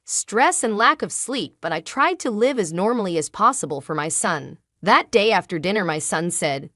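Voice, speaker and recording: A woman telling a first-person family drama story in an emotional way, sometimes halting and repeating herself. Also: medium pitch, expressive, a bit bright, no room sound, studio quality. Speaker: narrator.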